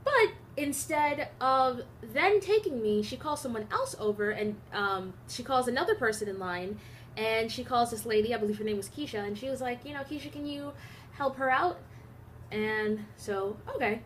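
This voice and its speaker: A woman's voice: fairly high pitch, moderate pace, slight background noise. A young American woman vlogging, telling a story casually with many digressions and fillers. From United States. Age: young adult.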